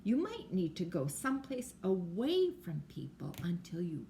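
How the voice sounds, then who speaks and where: An older woman reading a children's picture book at bedtime, slow and gentle, explaining things to small children. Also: on the low side, wildly swooping pitch, vocal fry, slight background noise.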